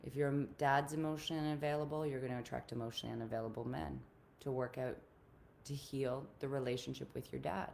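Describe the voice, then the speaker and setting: Woman, low voice, relationship coach, earnest, confiding, storytelling, live video call. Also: steady tone, fast talker, vocal fry, darkish tone, a little hiss or hum. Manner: earnest, confiding, addresses listeners directly.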